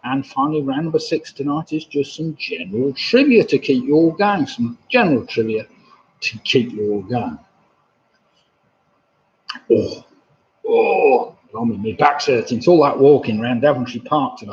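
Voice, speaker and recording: A man in his sixties from England hosts a live-streamed pub quiz, chatting away and laughing as he reads out viewers' messages. His mid-range voice is animated and fairly quick. The home stream audio is dull and lo-fi, with slight background noise.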